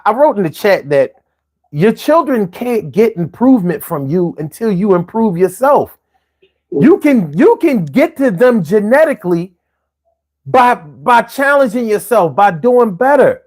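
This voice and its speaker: A man's voice: high-pitched, a little mellow. A man in his forties hosting a live stream, talking emphatically and profanely, with many restarts and repeated words. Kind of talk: casual chat.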